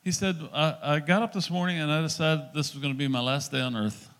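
A middle-aged male pastor telling a story in a sermon, acting out the dialogue in an animated preaching voice. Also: on the high side, brisk.

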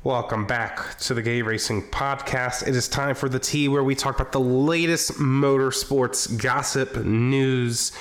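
A man hosting a casual motorsports podcast. He talks in an animated, joking way with bursts of emphasis. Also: medium pitch, measured pace, hardly any pauses. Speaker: podcast host.

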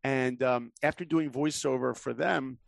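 Deep, gravelly-voiced man telling stories. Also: a little slow, dry recording. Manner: lively storyteller who acts out voices. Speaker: podcast guest, animation director. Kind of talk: casual interview storytelling.

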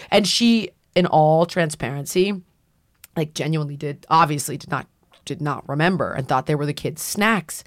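A woman's voice: deep voice, moderate pace, no echo, studio quality. A middle-aged woman hosting a podcast, telling a story in casual chat and acting out what people said. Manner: animated storyteller, acts out quotes. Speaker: podcast host.

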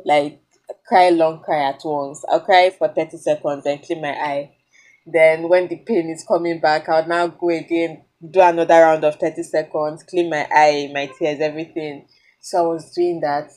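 Low-voiced young Nigerian woman vlogging. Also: a little mellow. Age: young adult. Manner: candid and confiding, many fillers and restarts. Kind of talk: casual storytelling vlog.

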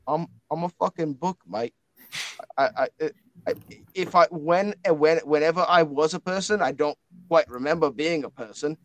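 Book spirit, male, raised voice, halting and chummy, very dry sound, as a game master puts him on. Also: on the high side, no room sound, lightly acted, low-quality recording. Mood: exasperated. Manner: hesitant, stammering, calls everyone mate.

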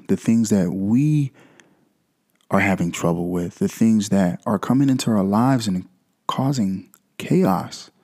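A man's voice: lowish voice, dark tone. A young man hosting a devotional podcast, talking through scripture in a loose, conversational way with frequent "right?" asides. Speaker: podcast host. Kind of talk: casual devotional podcast talk.

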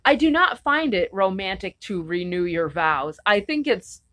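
A woman's voice: mid-range voice, sing-song, measured pace, a bit bright. A woman co-hosting a casual chat, rambling and irreverent, swearing freely. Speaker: podcast co-host.

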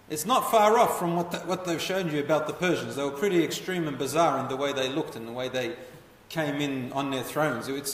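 A man telling a history story as a lecture, animated and putting questions to his listeners. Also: a little high, slight background noise. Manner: animated, asks the audience questions. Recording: echoey hall, voice from far off.

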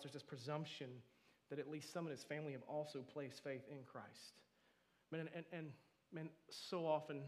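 A man's voice: fairly high pitch, a bit bright. A man in his thirties preaching a sermon as pastor, earnest and storytelling, often saying "man".

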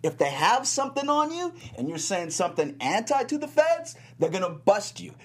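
Man panelist, raspy-edged voice, rambling, hesitant. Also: high-pitched, very animated, normal speed. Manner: rambling, hesitant, many fillers. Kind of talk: casual panel chat.

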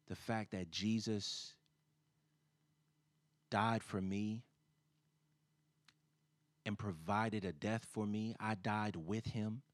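A man delivering a sermon at a slow, deliberate pace. He repeats phrases for emphasis and climbs into loud, high-pitched exclamations when he reads scripture, then settles into soft, intimate talk. The recording is dry and close, with little room sound. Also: no room sound. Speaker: preacher.

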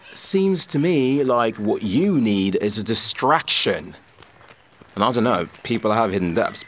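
A man's voice: lowish voice, slight background noise. A man playing a sarcastic, streetwise young city kid hiding out in the countryside. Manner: sarcastic, wry.

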